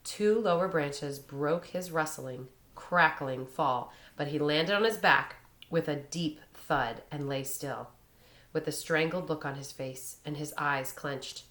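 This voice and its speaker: A woman reading a short story aloud in a measured storytelling manner. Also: low-pitched, a bit bright. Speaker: reader.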